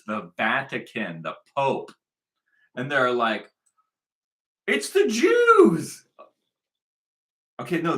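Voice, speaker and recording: A man's voice: mid-range voice, sharp tone. A man delivering a combative, repetitive commentary monologue, hammering his points with emphasis. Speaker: online commentator.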